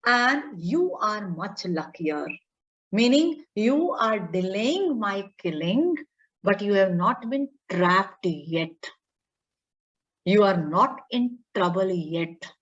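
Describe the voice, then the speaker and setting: A woman's voice: mid-range voice, big pitch swings, slow pace. A woman, teaching a class online, repeating her points and checking in with students. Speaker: English teacher. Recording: dull lo-fi audio.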